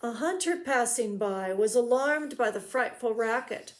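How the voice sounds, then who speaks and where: A children's librarian reading a storybook aloud, her voice high and bright. She narrates slowly and expressively and gives every line room. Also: a little hiss or hum. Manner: slow and expressive.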